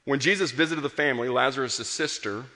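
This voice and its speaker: A man preaching a sermon with earnest emphasis, rising to passion and dropping soft. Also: medium pitch, fast. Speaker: pastor. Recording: long hall reverb.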